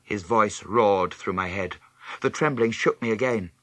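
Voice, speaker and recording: A man narrating an audiobook with expressive storytelling. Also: lowish voice, measured pace, no room sound. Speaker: audiobook reader. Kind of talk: scripted narration.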